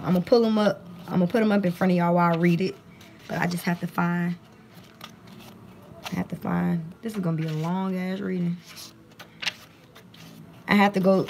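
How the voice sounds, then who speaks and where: A woman with a fairly low voice doing a casual live-stream tarot reading, talking loosely to viewers and reading passages from a guidebook. She records on her phone at home, with a faint hiss of background noise. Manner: chatty and loose, reads aloud from a guidebook.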